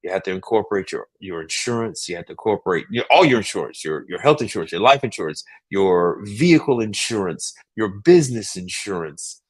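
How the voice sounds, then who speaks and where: A man's voice: fairly low pitch, lively intonation, brisk, few pauses, slightly rough. A man hosting a casual livestream, giving emphatic business advice with a lot of repetition and frequent "right?" checks.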